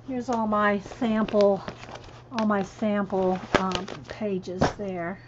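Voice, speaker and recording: A woman's voice: mid-range voice, flat delivery, slow pace, noisy background. A woman chatting casually on a livestream, laughing often and answering viewers. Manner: chatty, laughing, reads chat aloud. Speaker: coloring livestream host. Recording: dull lo-fi stream audio.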